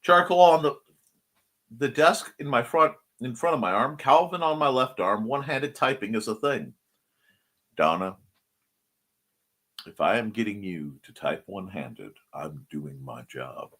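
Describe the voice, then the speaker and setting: A man's voice: on the low side, animated, a little slow, pauses often, fairly bright tone. A man hosting a casual live-stream show, reading viewer comments aloud in a playful way. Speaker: host of a creative morning show.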